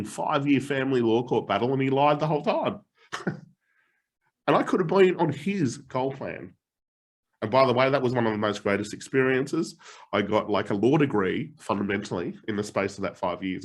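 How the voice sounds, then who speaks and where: A middle-aged man coaching a live online challenge, telling personal stories with frequent laughs and casual swearing. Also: mid-range voice. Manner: animated storytelling, laughs often, swears casually. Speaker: motivational coach.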